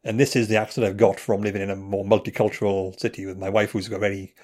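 Low-voiced Welsh man chatting. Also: flat delivery, fast, a little mellow. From Wales. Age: 30s. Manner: rambling, chuckling, restarts often. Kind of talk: casual chat.

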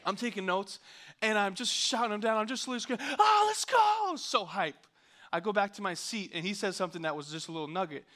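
A young man, a youth pastor, telling a funny story in an energetic, joking sermon. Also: sits high, fast. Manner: hyped, joking, animated storyteller.

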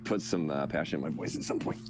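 A man's voice: very deep voice, fast, background noise. A man joking crudely as a contestant on a comedy podcast. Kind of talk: casual podcast banter.

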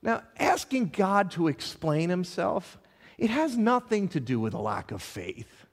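A middle-aged man, a pastor, preaching a sermon with passion, stumbling over repeated words and swinging between loud and soft. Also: high-pitched, very animated, a little slow, gravelly. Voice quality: impassioned, with dramatic swings in loudness and repeated words. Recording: long hall reverb.

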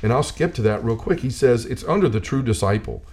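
A man's voice: mid-range voice, animated, a little fast, darkish tone, slightly rough. A man talking earnestly about faith in a casual discussion, full of "like" fillers, building to a preachy intensity.

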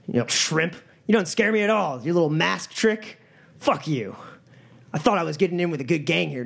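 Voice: mid-range voice, gravelly, voice pushed up. A game master voicing a huge, cocky male troll who taunts and scorns the gang leader.

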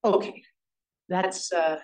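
A woman history professor giving an academic lecture, speaking in a measured way with frequent fillers and self-corrections. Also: on the low side, fairly even intonation, darkish tone, rough recording.

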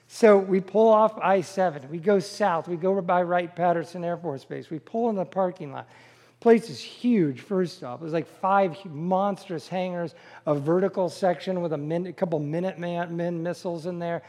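A middle-aged man preaching a sermon and telling a story with animated enthusiasm. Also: high voice, normal speed, creaky, long reverb tail. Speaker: pastor.

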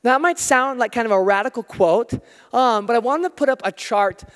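An American man preaching a sermon, telling stories with animated, self-deprecating humor. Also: very high voice, normal speed. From United States. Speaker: pastor. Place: church hall. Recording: long hall reverb.

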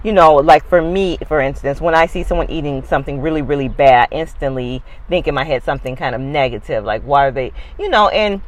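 Animated woman co-hosting a podcast. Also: sits low. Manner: animated, quick, joking storyteller. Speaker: podcast co-host. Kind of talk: casual podcast chat.

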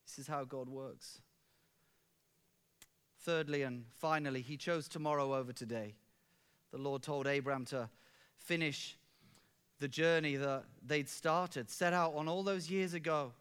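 Fervent pastor with a bright, high voice. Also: male voice, a little slow, long pauses, smooth. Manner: fervent, storytelling, swings from hushed to exclaiming. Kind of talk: sermon.

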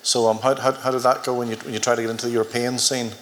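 A male interviewer who talks quickly in a flat, even tone. He trips over his words and fills gaps with "um" and "uh" as he builds his questions. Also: medium pitch, slight background noise. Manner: halting, with many fillers and repeated words.

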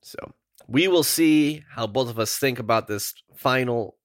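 A man's voice: mid-range voice, measured pace, dry recording, clean studio sound. A man hosting a podcast in casual, rambling chat, laughing often. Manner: animated, laughing, rambling asides. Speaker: podcast host.

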